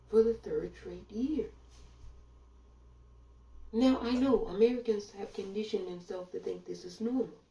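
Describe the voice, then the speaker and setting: A woman's voice: medium pitch, vocal fry, warm tone, slight background noise. A woman giving a blunt, sardonic opinion monologue as a commentator. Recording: roomy sound from a distance.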